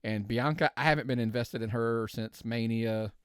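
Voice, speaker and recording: A man's voice: mid-range voice, normal speed, clean tone, dry recording, clean studio sound. A man co-hosting a podcast in casual chat. He often restarts his sentences while he works out his opinions. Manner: talks in restarts, working out opinions aloud. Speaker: podcast co-host.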